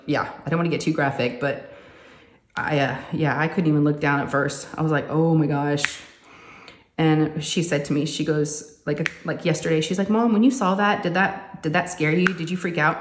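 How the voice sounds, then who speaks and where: A woman, chatting casually and telling animated family stories while she crafts at home. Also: low voice, echoey room, slight background noise. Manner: chatty, animated, says "y'all" often. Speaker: crafting vlogger and mother.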